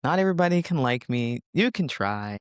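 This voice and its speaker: A man, a coach, talking reflectively in a podcast interview and sometimes acting out inner thoughts in a higher voice. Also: expressive, a little fast, smooth, no echo, studio quality. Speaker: social connections coach.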